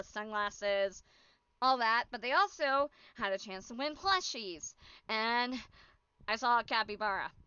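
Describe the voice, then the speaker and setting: A woman's voice: a little high, bright, forceful tone, clear, resonant tone, no room sound. A young woman streamer giving a casual, bubbly recap, giggling and acting out what people said to her. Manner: bubbly, giggly, acts out quoted exchanges. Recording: dull, lo-fi dry stream audio.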